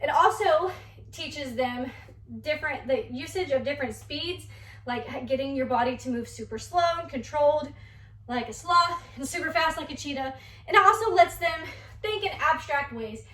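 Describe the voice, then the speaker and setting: A young woman teaching dance to little kids, her high, bright voice coaxing and lively. She stands back from the mic in an echoey room, so the sound carries a roomy ring. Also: moderate pace, distant mic, slight background noise. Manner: animated, coaxing, speaking to young children. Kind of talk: kids' movement class demonstration.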